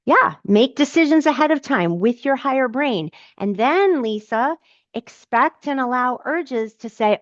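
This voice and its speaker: A woman's voice: fairly high pitch, expressive, measured pace, no echo, lo-fi sound. A woman coach answering viewers' comments in a live Q&A, encouraging and emphatic, repeating her key phrases.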